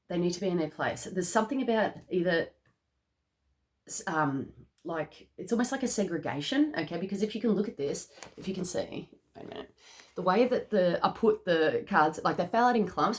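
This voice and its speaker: A woman giving a casual spiritual card reading to viewers, excitable, laughing often and checking in with "okay?" after each point. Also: fairly low pitch. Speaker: tarot reader.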